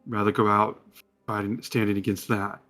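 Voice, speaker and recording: A man's voice: on the low side, flat delivery, normal speed, fairly bright tone, soft background music, lightly acted. A man voicing a hardened woman prisoner in a tabletop game, talking bluntly and swearing. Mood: defiant. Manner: blunt, profane and defiant.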